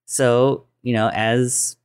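A man with a mid-range voice, flat delivery and clean tone speaks extremely slowly while casually retelling a film plot. He rambles with lots of "like," fillers and restarts, acting out the characters' lines.

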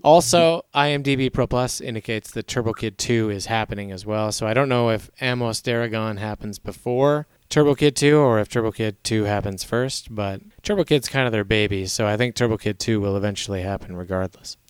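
A man's voice: on the low side, brisk, few pauses, clear, resonant tone, dry recording. A man hosting a podcast in casual chat, laughing often as he talks. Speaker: podcast host.

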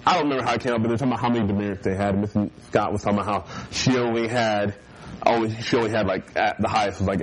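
A man delivering a youth group sermon in a casual, joking way. He slips into mocking voices and laughs with his listeners, at an ordinary pitch. Faint background noise sits under the recording. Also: low-quality recording. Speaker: youth pastor.

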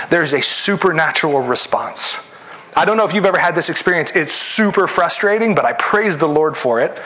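A man preaching a sermon as pastor, animated and acting out the voices he quotes. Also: a little high, moderate pace.

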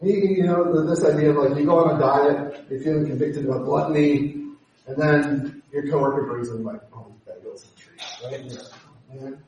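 A man preaching a sermon, animated and acting out the voices he quotes. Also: fairly high pitch, a little fast, lo-fi sound. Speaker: pastor. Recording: echoey hall from far off.

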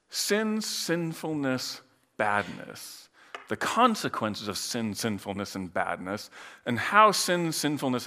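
A male pastor delivering a sermon in a relaxed, conversational way, tossing in asides and acting out quick quotes. His pitch moves a lot and his tone is bright and forward. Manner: conversational, lively retelling with asides and voiced quotes.

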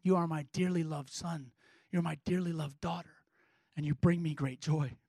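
Give me a man playing God the Father, speaking low, soft and loving. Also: fairly even intonation, moderate pace, no room sound, studio quality. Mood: tender hush.

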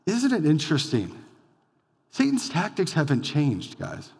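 A male pastor preaching a conversational sermon, rising to loud emphatic bursts and dropping to quiet lines. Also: a little high, wildly swooping pitch, a little slow, vocal fry, breathy edge, long reverb tail. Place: church sanctuary.

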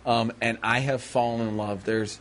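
A man's voice: mid-range voice, fairly even intonation, moderate pace, fairly bright tone. Rambling, playful radio co-host man. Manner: rambling, playful, slips into silly voices. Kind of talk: casual banter.

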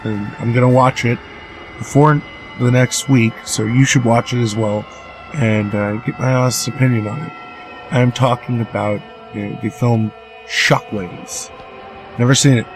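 A man's voice: medium pitch, steady tone, unhurried, over music. A man hosting a horror podcast, talking casually with lots of fillers, restarts and swearing. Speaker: podcast host.

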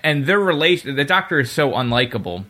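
A man co-hosting a casual podcast discussion, talkative and quick, sometimes quoting characters in a mocking voice. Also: mid-range voice, big pitch swings, bright, forceful tone. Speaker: podcast co-host.

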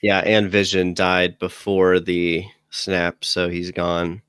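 Young guy, very low voice, laid-back and self-mocking, casual chat. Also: monotone, slow pace, a bit bright, smooth, no echo, clean studio sound. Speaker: podcast co-host.

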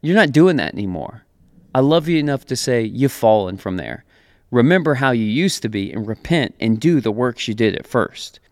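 A young man preaching a casual, conversational sermon, animated and quick to laugh. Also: medium pitch, dry recording, clean studio sound. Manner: casual and animated, laughing often, acting out quotes.

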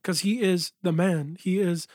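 A man with a high-pitched voice tells his story as a guest in a relaxed interview. He talks with animated energy and leans on "yo" and "like" often. The sound is dry and close, as in a small studio. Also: a little slow, no echo. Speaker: guest, music producer and engineer. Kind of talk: casual interview chat.

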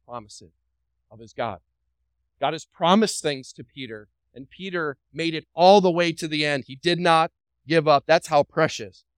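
A man's voice: on the high side, moderate pace, clear, resonant tone, dry recording, rough recording. Preaching man with a clean, dry voice. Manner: emphatic preaching, repeating phrases and asking the congregation questions; light joking asides. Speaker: pastor. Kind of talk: sermon.

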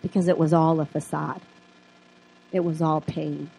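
A middle-aged woman teaching the Bible, telling her own story in a lively way and acting out the dialogue. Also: deep voice, unhurried, creaky, breathy edge. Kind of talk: teaching with personal testimony. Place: classroom.

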